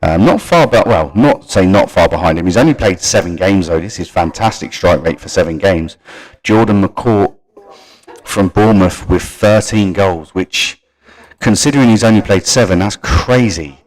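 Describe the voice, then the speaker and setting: Low-voiced man hosting a stream. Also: normal speed, a little mellow, low-quality recording. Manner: reads league stats off screen and chats to viewers. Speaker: stream host. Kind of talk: live-stream league roundup.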